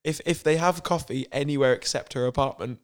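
A man's voice: a little high, a little fast. A male podcast co-host in casual comedic chat, giggly and sarcastic.

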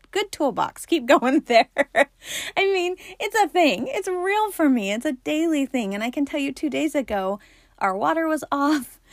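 A woman's voice: sits high, no echo, studio quality. A woman in her forties hosting a podcast, telling personal stories in a candid, chatty way and laughing often. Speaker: podcast host. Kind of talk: personal storytelling talk.

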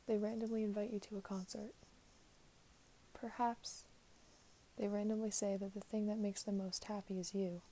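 Young woman, mellow tone, reflective monologue slipping into whispers. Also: medium pitch, slight background noise. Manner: soft, drifting in and out of whisper.

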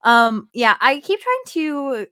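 A woman's voice: sits high, big pitch swings, slow pace, sharp tone, clear, resonant tone, no room sound. A woman hosting a casual podcast, chatting in a giggly way with lots of "like" and "um". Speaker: podcast host.

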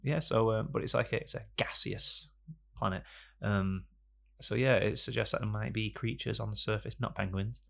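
A young man with a low, gravelly voice chats loosely on a podcast. He rambles through silly stories, stacking up "um"s and restarts as he goes. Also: steady tone, normal speed. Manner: rambling, jokey storytelling with frequent fillers. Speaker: podcast co-host. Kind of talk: casual banter.

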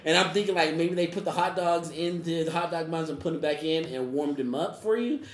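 A man's voice: on the high side, brisk, reverberant. A man telling a casual, funny personal story, often laughing as he talks. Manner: laughs through his telling, loose casual speech. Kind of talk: casual anecdote.

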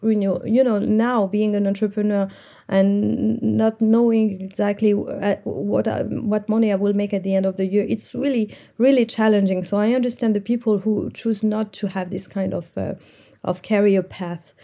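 A woman's voice: mid-range voice, steady tone, moderate pace, dark tone. A woman, an entrepreneur, earnestly recounting a personal story from her working life.

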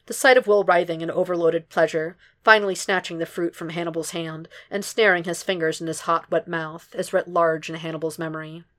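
A woman narrating a fan fiction audiobook in a steady, unhurried way. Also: fairly low pitch. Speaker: podfic reader.

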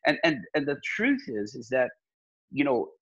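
A man's voice: medium pitch, sing-song, normal speed, a bit bright, husky, highs cut off. A male pastor talking in an interview, telling stories in an earnest, impassioned, preacherly way. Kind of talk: earnest conversational storytelling.

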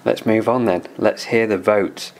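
A man hosting a podcast, chatting casually and briskly moving things along. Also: lowish voice, fairly even intonation, creaky. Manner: brisk, moves the show along. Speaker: podcast host.

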